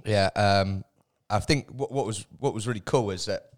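A man's voice: fairly low pitch, moderate pace. A man co-hosting a casual podcast, telling stories animatedly and swearing casually. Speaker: podcast co-host.

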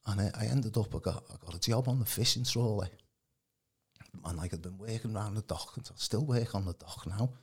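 With a lowish, gravelly and very husky voice, a podcast guest from Birkenhead, England, speaks a little fast. He gives a rambling, casual testimony full of colloquial fillers.

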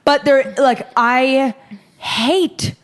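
A woman's voice: high-pitched, steady tone, extremely slow. A young woman telling a story in casual chat, laughing often as she talks. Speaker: podcast co-host.

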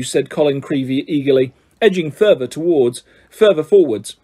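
A man's voice: a little high, brisk, mellow, slightly rough. A man narrating a story aloud, reading steadily with small slips and restarts. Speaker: audiobook reader.

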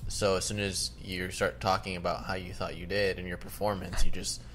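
A man's voice: deep voice, level tone, brisk, a bit bright, a little hiss or hum. A man co-hosting a podcast in casual chat, teasing and swearing, laughing often. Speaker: podcast co-host.

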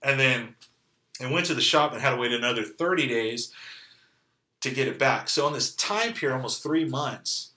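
Very bright-voiced man from California. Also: mid-range voice, lively intonation, normal speed. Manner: candid and conversational, peppered with "like" and "you know". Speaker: interview guest sharing testimony. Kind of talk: casual storytelling.

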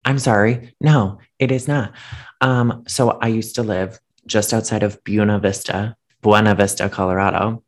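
Co-host, mid-pitched, loose rambling self-mocking chat. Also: fairly even intonation, measured pace. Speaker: podcast co-host. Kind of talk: casual chat.

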